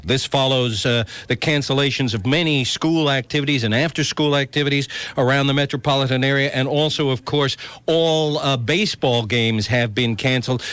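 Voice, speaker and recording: A male radio anchor talks through the news in a loose, conversational way, with the odd filler. His voice sits at a middle pitch. The sound is close and dry, with no room around it. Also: fairly bright tone, no echo.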